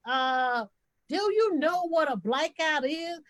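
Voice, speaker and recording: A woman's voice: high-pitched, expressive, unhurried, no echo. A woman activist speaking emphatically and passionately in a podcast panel over a video call.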